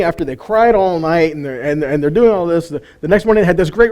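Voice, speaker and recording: A man's voice: on the high side, expressive, fast, few pauses, a little mellow. A man giving an informal sermon teaching, conversational and full of rhetorical questions and chuckling asides. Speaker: Bible teacher.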